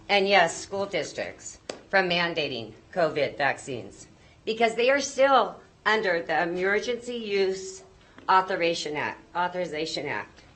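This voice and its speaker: A woman's voice: mid-range voice, sharp tone, low-quality recording. A woman giving a prepared public comment as a parent, earnest and pleading, nervous and choked up.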